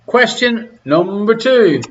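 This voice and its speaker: A man's voice: sits high, expressive, slow pace. Irish guy hosting a quiz from his living room, teasing and crude, dull lo-fi stream sound. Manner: jokey, teasing, crude asides. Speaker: quiz show host. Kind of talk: live-streamed pub quiz banter.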